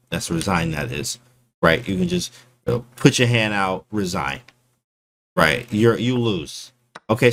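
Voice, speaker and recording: A man with a lowish voice walks his stream chat through a chess game in a casual breakdown. He talks in slang and stays animated, tossing in bro again and again, with a little noise behind him.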